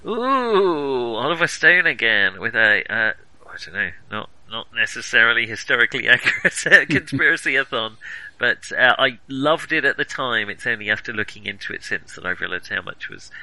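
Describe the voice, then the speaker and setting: A middle-aged man co-hosting a casual film chat, animated and quick to laugh at himself. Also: medium pitch, no echo, low-quality recording. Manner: animated, laughs easily, self-deprecating. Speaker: podcast co-host.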